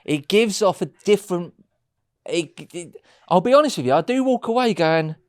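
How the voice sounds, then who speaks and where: A British man co-hosts a podcast in casual chat, wry and playfully mock-wounded. His pitch swings widely as he talks. The sound is close and dry, with no room around it. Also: lively intonation, normal speed, no echo. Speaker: podcast co-host.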